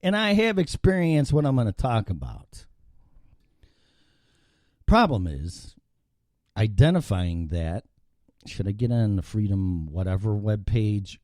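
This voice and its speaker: Ranting guy hosting a talk show, swears a lot, bouncy animated delivery, dry close sound. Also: fairly low pitch, a little slow, long pauses, no echo. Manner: profane, rambling and ranting. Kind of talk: live opinionated talk show. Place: indoors, studio corner.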